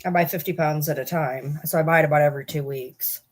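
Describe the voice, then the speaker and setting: A woman's voice: low-pitched, fairly even intonation, fast. A woman hosting a casual livestream, chatting and rambling to viewers and swearing casually. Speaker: livestream host.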